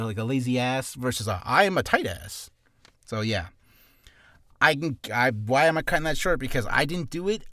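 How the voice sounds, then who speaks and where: A man chatting through vocal warm-up tips in a loose, self-deprecating vlog voice. His pitch swings widely from phrase to phrase, and the sound is close and dry with no room behind it. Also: no echo. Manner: rambling, self-deprecating, quick-talking. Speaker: aspiring voice actor giving warm-up tips. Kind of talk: casual vlog tutorial. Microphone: camera on a stand.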